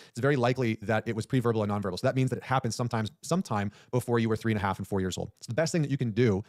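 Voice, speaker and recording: A man's voice: medium pitch, fast talker, hardly any pauses, no room sound, studio quality. A man coaching men on relationships, talking straight to the listener with emphatic repetition. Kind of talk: direct-to-camera advice talk.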